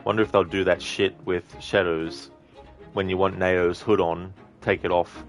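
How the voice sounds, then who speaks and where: A man's voice: deep voice, little pitch movement, measured pace, faint music behind. A young Australian man with an Australian accent, casually commentating a game and answering chat, blunt and profane. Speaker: gaming streamer.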